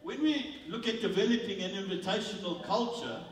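A man's voice: high voice, lively intonation, brisk, slight background noise. A man from South Africa preaching a sermon as a guest, playful and joking with the congregation. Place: large church hall. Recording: echoey hall, from far off.

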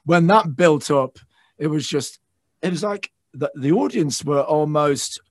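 A man with a fairly high voice tells stage stories with rising excitement, swearing freely and shouting out quotes. The sound is dry and close. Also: a little slow, no room sound. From England. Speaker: guest guitarist. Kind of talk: casual storytelling interview.

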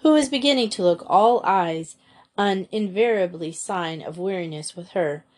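A woman reading a storybook aloud in a measured, expressive way. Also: on the low side. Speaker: audiobook reader. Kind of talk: storybook narration.

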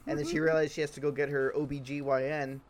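Guy cohost, kinda high pitched, rambles and laughs a lot, loose casual chat. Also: level tone, fast. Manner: rambling, laughing, many fillers.

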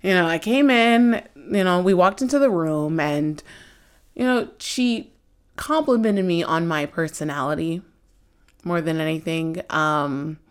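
A woman's voice: on the low side, unhurried, clear, resonant tone. Chatty young woman podcast host. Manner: chatty, candid storytelling with lots of "like". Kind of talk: casual chat.

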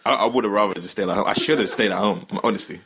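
A man's voice: lowish voice, racing, gravelly. A young man, hosting a podcast and telling a story in casual, slangy chat, laughing as he goes. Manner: slangy, animated, laughs while telling stories. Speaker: podcast host.

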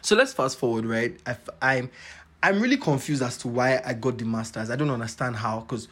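A young man hosting a podcast, telling a personal story in an animated, exclamatory way, laughing as he goes. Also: medium pitch, brisk. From Nigeria. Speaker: podcast host.

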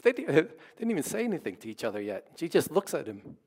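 A pastor telling a story in his sermon, in a conversational and animated way. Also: on the high side, a little fast.

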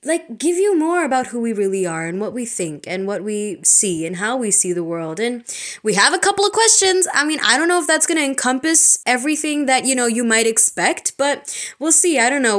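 A young woman with an American accent and a fairly high voice talks casually as a podcast co-host. She laughs often and rambles, breaking off and restarting her sentences. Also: fairly bright tone. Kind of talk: casual chat.

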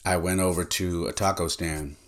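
A man with a very low voice hosts a podcast on his own. He tells everyday stories in a casual, direct way, with plenty of fillers and self-corrections. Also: level tone, normal speed. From San Jose, California. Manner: direct, chatty, lots of fillers and restarts. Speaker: podcast host. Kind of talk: casual storytelling monologue.

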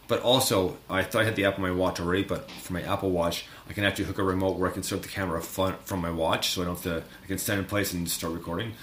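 A man's voice: deep voice, fairly even intonation, quick pace, hardly any pauses, a bit bright. A man co-hosting a podcast in casual chat, rambling with many restarts and laughing easily. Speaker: podcast co-host. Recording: echoey room with faint background noise.

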